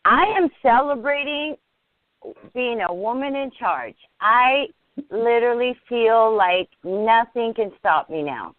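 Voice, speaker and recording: A woman speaking as an interview guest, earnest and halting, often restarting her sentences. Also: fairly high pitch, lively intonation, no echo. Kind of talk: casual interview chat. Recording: tinny dry phone line.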